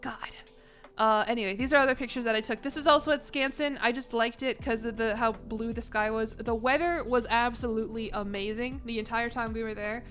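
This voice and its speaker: A woman's voice: fairly high pitch, fairly even intonation, brisk, fairly bright tone, soft background music. A young woman from Chicago chatting casually on stream, rambling and emotional, laughing at herself. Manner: rambling, emotional, self-mocking, laughs often.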